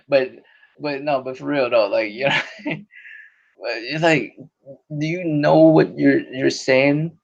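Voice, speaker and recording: A man hosting a podcast, with a gravelly, creaky voice at a middle pitch. He rambles in casual, profane chat, often restarting his sentences. The audio is dull and lo-fi. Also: measured pace, pauses often. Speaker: podcast host.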